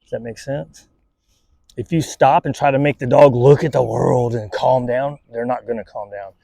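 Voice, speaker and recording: A man's voice: medium pitch, fairly even intonation, moderate pace, gravelly, mellow, dry recording, poor audio. A man, a dog trainer, giving casual, conversational training advice outdoors and often checking in with "right?". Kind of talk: casual instructional talk.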